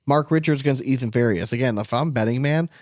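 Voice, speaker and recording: A man's voice: medium pitch, fast talker, darkish tone, dry recording, clean studio sound. A man co-hosting a podcast in a laid-back, chatty way, laughing often. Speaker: podcast co-host. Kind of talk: casual chat.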